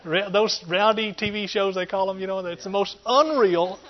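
A middle-aged man preaching a sermon. He talks in a folksy way, swings between loud emphatic points and quiet asides, and calls out to his listeners. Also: sits high, normal speed. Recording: dull lo-fi recording.

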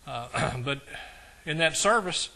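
A man preaches a testimony from the pulpit, sounding folksy one moment and fervent the next. His voice sits on the higher side for a man. Its tone is bright and forceful. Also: expressive, takes it slowly, vocal fry. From East Texas. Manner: folksy storytelling that builds to fervent exclamations. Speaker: pastor. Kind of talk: sermon testimony. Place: church service.

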